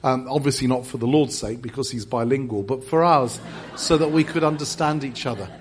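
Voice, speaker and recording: A man's voice: mid-range voice, fairly quick, some chatter behind. A middle-aged English man preaching in a church, telling a personal story with self-deprecating humor and frequent restarts. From England. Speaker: guest preacher. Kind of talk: storytelling sermon.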